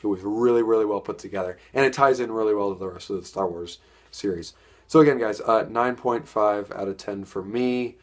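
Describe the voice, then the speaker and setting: A man's voice: on the low side, fairly quick. A young man giving a casual, enthusiastic spoken film review, rambling and repeating words as he goes. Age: young adult.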